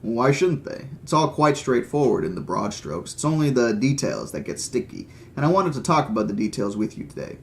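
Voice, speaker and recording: A man's voice: mid-range voice, sing-song, a little fast, hardly any pauses, slight background noise. A man reading as an earnest young scientist. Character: young male geneticist, earnest and persuasive.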